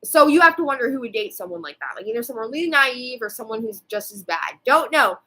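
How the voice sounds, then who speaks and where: A woman's voice: a little high, lively intonation, quick pace, bright, forceful tone, husky, poor audio. A woman in her twenties telling a rambling storytime rant, swearing freely and full of fillers and restarts. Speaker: vlogger.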